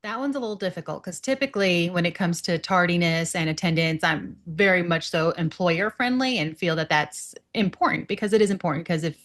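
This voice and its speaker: A woman co-hosting an HR podcast, giving practical advice in a measured way during casual chat. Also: lowish voice, a bit bright. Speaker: HR podcast co-host.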